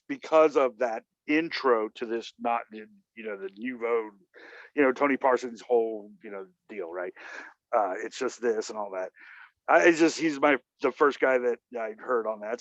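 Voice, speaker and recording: A man's voice: mid-range voice, no echo. Rambling man with dull lo-fi sound. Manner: rambling, many "you know" fillers, acts out quoted dialogue. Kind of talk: casual conversational storytelling.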